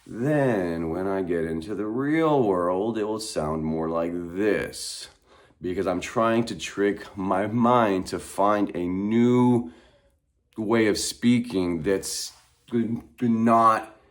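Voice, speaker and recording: Guy doing a vocal warm up, super slow, really low voice, stretches out every vowel. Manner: drawn-out elongated vowels, deliberately slow delivery.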